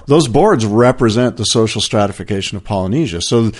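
A man's voice: on the low side, lively intonation, brisk. A man co-hosting a podcast in casual chat, meandering through his points and filling gaps with "you know". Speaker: podcast co-host.

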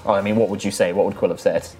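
Deep-voiced man running a tabletop game. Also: fairly even intonation, fast talker, darkish tone, slightly rough. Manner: loose and conversational, with fillers. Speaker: game master.

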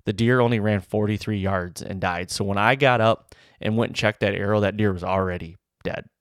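A man recounting a bowhunt in a casual, rambling and excited way, full of fillers like "you know". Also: on the low side, a little fast, dry recording, studio quality. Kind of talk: casual storytelling to camera.

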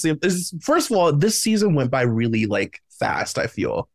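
A playful man co-hosting a pop-culture podcast, his pitch jumping around with plenty of life. He banters casually and laughs easily, and the recording is dry and close. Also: sing-song, moderate pace, creaky, no room sound. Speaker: podcast co-host.

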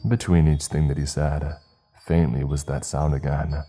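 Very deep husky male horror narrator. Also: level tone, normal speed, warm tone, soft background music.

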